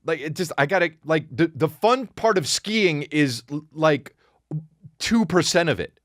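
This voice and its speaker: A man hosting his podcast as a comedian, ranting in an animated, profane way with sudden high mocking outbursts. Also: measured pace, no echo, clean studio sound. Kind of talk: comedic rant.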